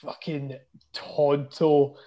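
A man's voice: a little high, flat delivery, drawn-out words, muffled recording. A Scottish man co-hosting a casual football podcast in easygoing chat. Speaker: podcast co-host.

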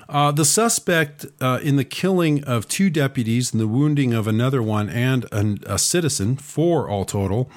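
A man at a middle pitch hosts a talk radio news and commentary show while he recovers from a cold. He speaks around a lozenge, leans on "uh" fillers and drops sarcastic asides. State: recovering from a cold, talking with a lozenge in his mouth.

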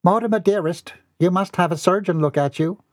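A man's voice: high-pitched, a little fast, no echo, clean studio sound, voice pushed up, natural voice. A man reading aloud and voicing a fussy, gushing woman who dotes on a man and croons over him. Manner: crooning, fussy, overly doting. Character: Lily Lou, fluttery gushing Southern belle woman.

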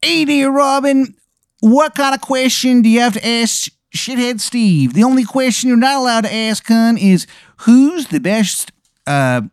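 A man voicing Shithead Steve, a hokey local guy with a deliberately bad, drawn-out fake regional accent. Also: very high-pitched, expressive, clear, resonant tone, no room sound, studio quality, voice pushed up, heavily acted.

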